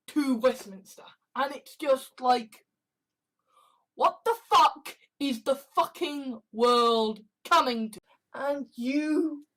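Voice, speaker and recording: A woman in an exasperated, profane monologue. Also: high-pitched. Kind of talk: rambling monologue.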